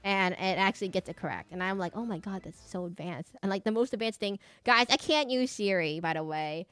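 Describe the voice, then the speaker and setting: A woman streamer chatting casually while she draws, with a slight lisp and fast, tumbling speech full of restarts. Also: mid-range voice, a bit bright, smooth, dry recording, soft background music.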